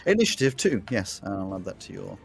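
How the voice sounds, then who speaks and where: A man runs a tabletop game as its game master, narrating with quick, laughing bursts. His pitch swings widely as he describes each move. Soft fight music plays underneath. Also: big pitch swings, gravelly. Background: faint fight music.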